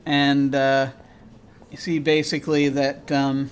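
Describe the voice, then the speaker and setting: A man narrating a tabletop game as game master over a video call, halting and full of fillers and restarts. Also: medium pitch, little pitch movement, slight background noise.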